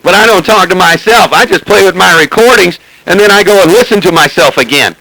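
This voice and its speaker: A man jokes and brags over CB radio and keeps calling out to get the other side's attention. His voice sits high and gravelly, with a bright, sharp edge. The sound is dry and close. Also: animated, brisk, no room sound, low-quality recording. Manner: joking, boastful, repeats "hey, hey, hey". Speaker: CB radio operator. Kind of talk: CB radio banter.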